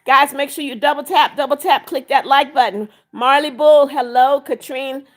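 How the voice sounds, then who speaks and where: An older woman with a fairly high voice hosts a live stream. She reads viewers' comments aloud and greets each person by name. She turns firm and scolding when someone breaks her rules. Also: fairly even intonation, normal speed. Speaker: livestream host. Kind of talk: live chat reading.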